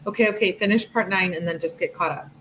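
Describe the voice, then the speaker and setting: A woman's voice: lowish voice, quick pace, a bit bright, slight background noise. A woman hosting a live stream, giving casual commentary in a sarcastic, mocking way and laughing often.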